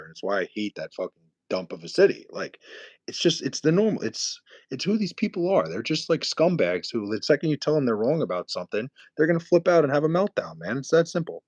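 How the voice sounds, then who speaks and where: A man's voice: mid-range voice, a little mellow, no echo. A young man from New City, streaming live and trash-talking viewers in profane, mocking chat. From New York City.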